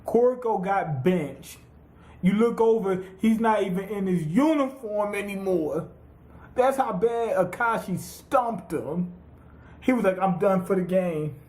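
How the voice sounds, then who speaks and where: A man's voice: high-pitched, unhurried, reverberant. A man giving a casual, profane recap of an anime episode, acting out the characters' lines as he tells it. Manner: animated, profane storytelling with acted-out quotes. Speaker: anime reviewer.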